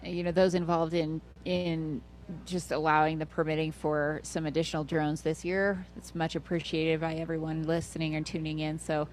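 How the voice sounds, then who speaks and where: A woman's voice: sits low, little pitch movement, normal speed, darkish tone, slight background noise. A woman commentating live on a mountain ultramarathon livestream, chatty and playful, sometimes correcting herself.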